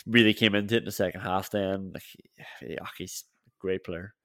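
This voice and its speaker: A man's voice: deep voice, steady tone, normal speed, a bit bright, dry recording, studio quality. A man co-hosting a football podcast, chatting casually with laughs and restarts. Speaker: podcast co-host.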